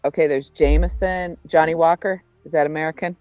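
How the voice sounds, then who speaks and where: A woman's voice: sits low, fairly even intonation, brisk, a little mellow, no echo, faint music behind. A woman joining a casual livestream chat, playful, with dry jokes and family stories. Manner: playful, dry humor, tells family anecdotes. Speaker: co-host guest on stream.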